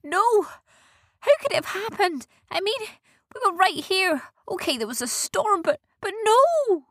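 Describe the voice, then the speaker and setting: A woman's voice: very high-pitched, sing-song, unhurried, fairly bright tone, dry recording, studio quality, pitched above the performer's own voice, full character voice. A woman voicing a distraught young female pirate captain who stammers in anguish. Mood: distressed.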